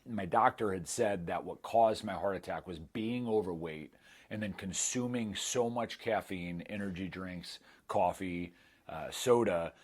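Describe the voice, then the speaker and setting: A man's voice: low-pitched, breathy edge. A man in his thirties giving a candid, self-mocking testimonial in casual storytelling style. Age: 30s. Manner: candid, self-mocking, acts out quoted dialogue. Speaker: former client giving a testimonial.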